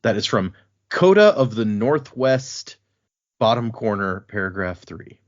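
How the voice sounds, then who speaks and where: A man's voice: fairly low pitch, expressive, unhurried. A man co-hosting a podcast, chatting casually about a book, laughing often and retelling scenes. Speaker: podcast co-host. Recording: dull lo-fi audio.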